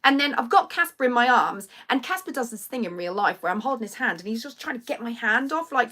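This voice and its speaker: A chatty woman in her thirties hosts a casual livestream from home. Her voice is bright and sits a little high. She tells stories animatedly and acts out everyone's lines as she goes. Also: animated, fast, hardly any pauses. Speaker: livestream host. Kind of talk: casual chat.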